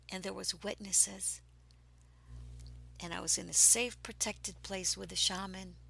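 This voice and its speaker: A woman telling a personal spiritual story, slow and breathy, sometimes dropping to a whisper and sometimes turning emphatic. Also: medium pitch, rough recording. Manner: grows excited and emphatic.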